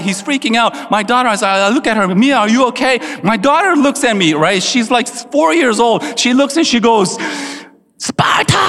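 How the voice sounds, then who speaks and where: A man in his forties telling humorous family stories to an audience, animated and self-mocking. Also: a little high. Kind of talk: humorous personal storytelling to an audience. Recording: long reverb of a large hall.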